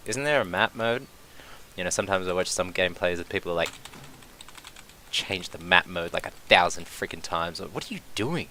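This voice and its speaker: Excitable man thinking aloud over a game. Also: sits low, normal speed, slight background noise. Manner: swears casually. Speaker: gameplay commentator. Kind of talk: casual let's-play commentary.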